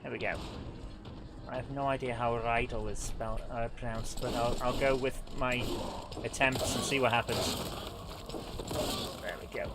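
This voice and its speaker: A woman's voice: a bass voice, fairly even intonation, moderate pace, long pauses, heavy background noise. Chatty woman streaming a game. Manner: chatty, rambling, self-deprecating asides. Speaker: livestream gaming host. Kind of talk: live gameplay commentary with chat.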